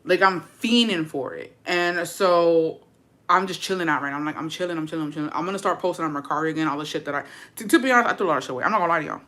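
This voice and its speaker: A young woman vlogger chats casually to camera in a lowish, slightly bright voice, racing along. She's slangy and profane, tossing in Spanish words for her viewers.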